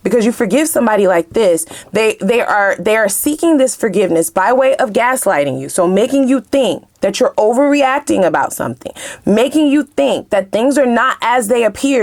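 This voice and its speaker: A woman giving a casual tarot reading to her viewers in a heated, animated way, swearing freely and speaking straight to the camera with slang. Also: on the high side, moderate pace. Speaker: tarot reader.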